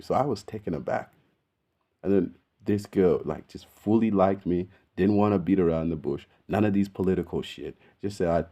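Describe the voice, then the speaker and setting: Australian male host, low and mellow, slangy, profane, rambling storyteller. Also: lively intonation, moderate pace. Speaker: video host. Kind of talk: casual storytelling to camera.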